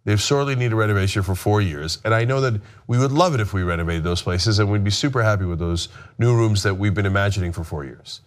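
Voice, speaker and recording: Animated self-deprecating man chatting. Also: lowish voice, fast talker, hardly any pauses. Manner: self-deprecating, animated storytelling with put-on quotes. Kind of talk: casual podcast chat.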